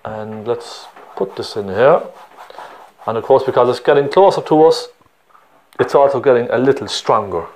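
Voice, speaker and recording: A man's voice: mid-range voice, moderate pace, darkish tone. A man with a Cork Irish accent talks through an oil painting tutorial step by step. His delivery is chatty and encouraging, and he keeps checking that the viewer is following along. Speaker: painting teacher.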